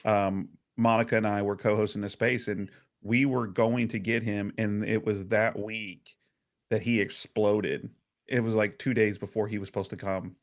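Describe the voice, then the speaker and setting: A man chatting on a live political audio room, telling a story in a relaxed way. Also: lowish voice, moderate pace. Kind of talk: casual political chat.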